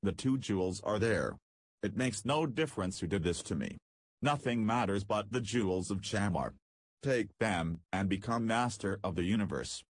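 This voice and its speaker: A man reads a dying old spaceman from a pulp space story. He speaks low in a hoarse, fervent whisper, his voice husky and dry. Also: animated, normal speed, dry recording. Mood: urgent.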